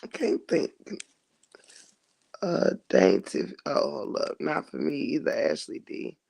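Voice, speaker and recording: Man, gravelly voice, a bit high, animated, swears a lot, livestream chat storytelling. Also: slow pace. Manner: animated, swears freely, laughs often, calls viewers child. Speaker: livestream host reading chat.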